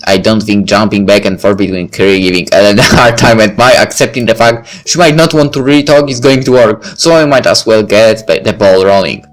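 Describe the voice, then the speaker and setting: A man with a lowish voice reads a visual novel aloud in the first person. He slips into relaxed, offhand asides between passages. Quiet music plays faintly underneath. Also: fairly quick, few pauses. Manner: casual asides between narration. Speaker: let's play reader.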